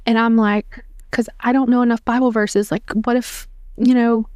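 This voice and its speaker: A woman's voice: on the high side, little pitch movement, normal speed, a little mellow, clean tone, dry recording. A woman, a podcast guest, earnestly telling her personal faith story and quoting the people around her. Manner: earnest, chatty, quotes herself and others often. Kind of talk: emotional personal testimony.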